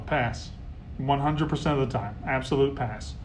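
A man hosting a casual live sports talk stream, heckling rivals and getting loud when riled. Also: medium pitch, moderate pace, slight background noise. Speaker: sports show host.

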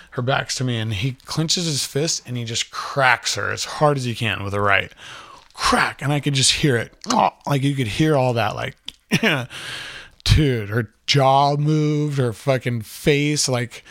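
A man's voice: medium pitch, fairly bright tone. Rambling, foul-mouthed young man telling a story. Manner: rambling, filler-heavy, swears freely. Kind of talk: casual personal storytelling.

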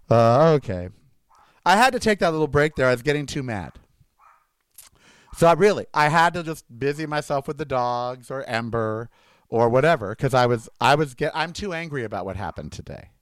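A man's voice: on the high side, no echo. A man vlogging at home, giving indignant, rambling political commentary with emphatic outbursts.

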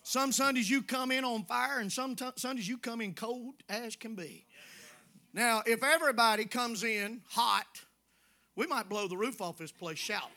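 A pastor preaching to his congregation in a very high, piercingly bright voice. He talks folksy and familiar, dropping to hushed asides before climbing into full shouts. The sound carries the feel of a church sanctuary. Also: moderate pace. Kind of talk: sermon.

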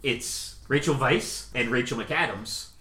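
A man's voice: medium pitch, measured pace, pushed and bright, roomy sound, a little hiss or hum. A man in his forties hosting a casual chat about upcoming films, talkative and enthusiastic. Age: 40s. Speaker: podcast host, cinema programmer.

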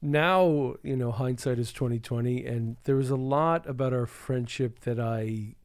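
A man's voice: medium pitch, measured pace, darkish tone, dry recording. A man in casual chat, speaking in a reflective, rueful way about a past friendship.

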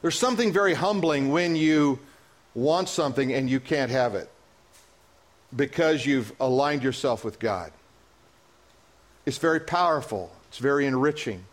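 A man's voice: medium pitch, moderate pace, pauses often. A man preaching a sermon as pastor, joking with the congregation and acting out little dialogues.

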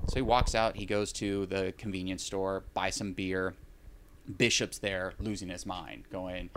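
A man's voice: deep voice, fairly even intonation, moderate pace, a bit bright, slight background noise. A man in casual chat, recapping a film in a rambling way with wry, sarcastic asides.

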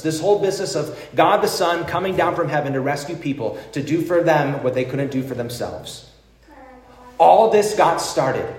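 A man preaching a holiday sermon in a roomy, echoing church. His voice sits at an ordinary middle pitch. He moves from bright, raised emphasis down to quiet, hushed phrases as he tells stories to the congregation. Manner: animated storytelling with wide swings from emphatic to hushed. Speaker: pastor.

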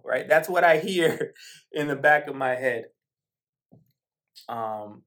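A man's voice: fairly high pitch, moderate pace, a bit bright. A man hosting a podcast, talking through football in a rambling, conversational way with asides and fillers. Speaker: podcast host. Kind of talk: casual sports commentary monologue.

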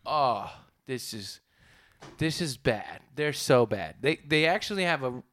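A man's voice: medium pitch, animated, a little slow, fairly bright tone, dry recording, clean studio sound. A young man co-hosting a casual sports chat, loose and profane, rambling with restarts. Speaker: podcast co-host.

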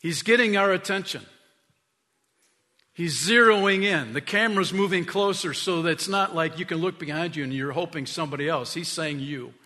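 Bright-voiced pastor preaching in a hall. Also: male voice, on the high side, moderate pace. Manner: emphatic storytelling preacher, swinging from hushed to loud. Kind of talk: sermon. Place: church sanctuary. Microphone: stage mic.

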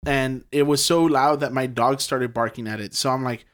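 A man's voice: mid-range voice, steady tone, normal speed, a bit bright. A young man telling a story in casual chat, rambling, with lots of fillers and swearing. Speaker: podcast guest telling a ghost story.

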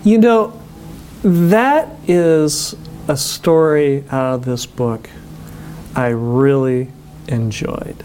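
A man's voice: mid-range voice, extremely slow, a little mellow, a little hiss or hum. A man hosting an interview, responding briefly and asking his guest for a story. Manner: brief affirming backchannels. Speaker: interview host.

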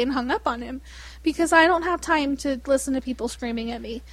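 A woman's voice: high voice, fairly quick, no room sound. A woman hosting a casual chat, telling stories with lots of laughter and acting out customers. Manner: animated storyteller, laughs often, mimics callers.

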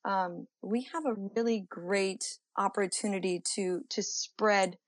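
A woman's voice: mid-range voice, steady tone, slow, dry recording, low-quality recording. Young woman, thoughtful interview guest. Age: young adult. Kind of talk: interview answers.

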